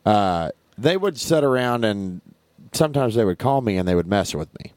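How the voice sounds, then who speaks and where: A man's voice: fairly low pitch, expressive, moderate pace, darkish tone, dry recording. A man, co-hosting a podcast and telling a story with dry, wry humor. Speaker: podcast co-host. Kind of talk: casual storytelling chat.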